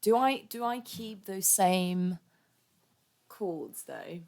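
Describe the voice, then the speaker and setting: A woman's voice: mid-range voice, lively intonation, drawn-out words, creaky, darkish tone, no echo. A young woman streaming live, chatting candidly and ranting with frequent laughter. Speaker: songwriting livestreamer. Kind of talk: casual livestream chat.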